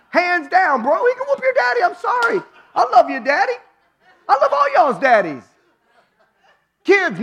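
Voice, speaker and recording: A man preaching a sermon as pastor, moving from low hushed phrases to loud high exclamations.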